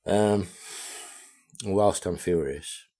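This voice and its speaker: Very deep-voiced man ranting. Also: very slow, dark tone. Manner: blunt, heavily profane, repetitive. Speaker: amateur radio vlogger. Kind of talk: ranting video monologue.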